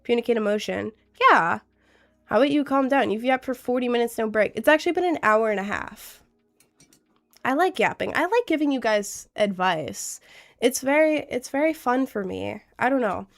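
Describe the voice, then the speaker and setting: A woman's voice: on the high side, animated, normal speed, creaky. A young adult woman streamer, chatting casually and earnestly giving relationship advice to her chat, with lots of fillers.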